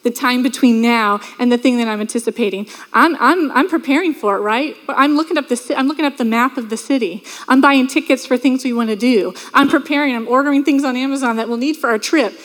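A woman delivers a sermon from a church stage, telling lively stories and slipping into quoted voices. Her voice sits high, and the sound carries a long reverb from the hall. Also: fast, few pauses. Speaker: preacher.

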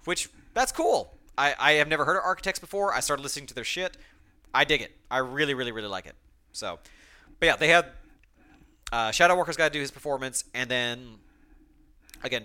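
Bright-voiced man, emotional podcast talk. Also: mid-range voice. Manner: emotional, choked up at times, many fillers and restarts. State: choked up. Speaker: podcast host. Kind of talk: solo podcast monologue.

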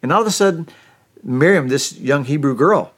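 A man's voice: on the high side, animated, moderate pace, a bit bright, husky. Folksy storytelling male preacher. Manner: folksy storytelling with many restarts. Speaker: pastor. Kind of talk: sermon.

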